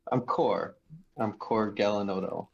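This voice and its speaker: A man's voice: lowish voice, unhurried, vocal fry, lo-fi sound, slight background noise. A man playing a bard in a tabletop game, talking playfully in character. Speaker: player. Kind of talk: tabletop role-play.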